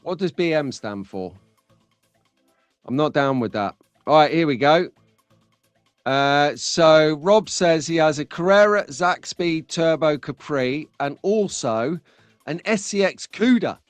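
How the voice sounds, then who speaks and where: A man's voice: on the high side, animated, slow, dry recording, faint music behind. A man hosting a casual live stream, chatty and jokey, talking to viewers by name.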